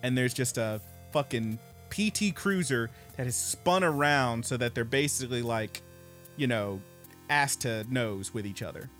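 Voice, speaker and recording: A man's voice: medium pitch, measured pace, fairly bright tone, soft background music. A man co-hosting a podcast, telling a long story in a casual, profane way and acting out other people's lines. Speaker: podcast co-host.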